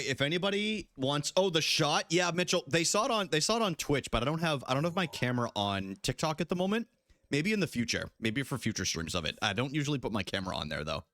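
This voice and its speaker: A man's voice: medium pitch, a bit bright. A young man live-streaming a game, chatting casually with viewers and laughing often.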